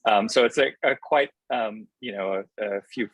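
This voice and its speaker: A man's voice: on the low side, normal speed, fairly bright tone, dry recording, low-quality recording. A man being interviewed as a film director, talking in an earnest, enthusiastic way that often halts on fillers. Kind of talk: casual interview answers.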